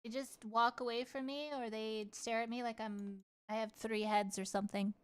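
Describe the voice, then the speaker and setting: Woman streamer, casual live chat, slightly high and very clear voice, playful and loose-mouthed. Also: level tone, normal speed. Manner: chatty, playful, swears freely.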